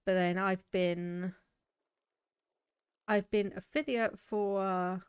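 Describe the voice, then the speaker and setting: A woman's voice: mid-range voice, fairly even intonation, drawn-out words, clear, resonant tone, dry recording, clean studio sound. A young British woman chatting casually with her live viewers while loading a game, laughing often and thinking aloud. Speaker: game streamer. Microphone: desk microphone.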